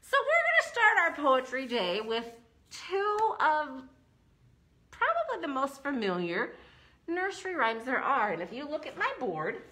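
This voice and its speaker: A woman's bright, high voice swoops up and down as she leads a preschool story time. She talks slowly and with exaggerated sing-song cheer for little children, the way a middle-aged librarian reads rhymes aloud.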